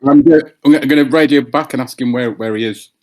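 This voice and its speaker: A man playing a tabletop game, talking casually and thinking aloud with hesitant pauses. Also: mid-range voice, a little mellow. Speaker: player.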